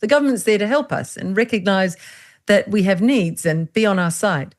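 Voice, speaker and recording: A woman's voice: mid-range voice, moderate pace. A woman hosting an interview, speaking emphatically and addressing her viewers directly, with an indignant edge. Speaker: interviewer, host. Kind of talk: conversational interview.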